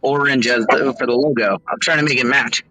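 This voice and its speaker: Bright, emphatic man in a chat. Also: medium pitch, a little fast, faint music behind, low-quality recording. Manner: animated, emphatic, swears for emphasis. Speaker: guest on a stream. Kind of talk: casual group chat.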